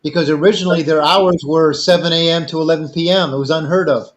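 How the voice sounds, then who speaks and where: A man's voice: a little high, steady tone, fast. An older man casually telling a long, rambling personal story, acting out the other people in it. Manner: rambling anecdotal, quotes others in dialogue. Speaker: storyteller guest.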